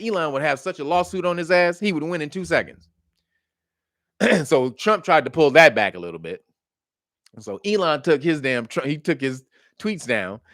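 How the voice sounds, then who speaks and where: A man, commenting in casual talk, animated, acting out the quotes and laughing often. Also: dry recording, clean studio sound. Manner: animated storytelling, acts out quotes in high mocking voices, laughs often. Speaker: commentary host.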